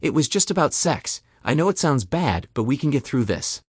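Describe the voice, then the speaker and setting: A man's voice: medium pitch, big pitch swings, moderate pace, husky, dry recording, studio quality. A man voicing a tearful, pleading wife caught cheating, begging through sobs. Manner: sobbing and begging.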